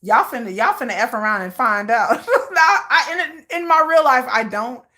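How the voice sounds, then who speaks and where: A woman hosting a casual livestream, her fairly high voice swooping widely as she rants playfully to her viewers. Her tone is bright and forceful, and she laughs often between dramatic asides. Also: normal speed. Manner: animated, laughing, reacting to viewer comments. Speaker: livestream host.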